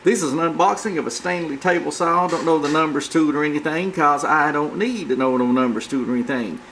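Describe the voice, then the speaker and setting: Man doing a cocky, foul-mouthed monkey puppet host, high voice, rambling crude drawl. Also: quick pace, a bit bright, a little hiss or hum, rough recording. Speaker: show's comic host. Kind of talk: comic puppet banter.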